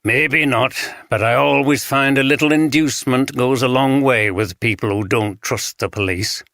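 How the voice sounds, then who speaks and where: A kindly police detective who speaks gently and reassuringly, read by a male audiobook narrator. The voice is bright and clear, recorded dry and close. It stays near the narrator's own tone. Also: medium pitch, moderate pace, no room sound, natural voice. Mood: reflective.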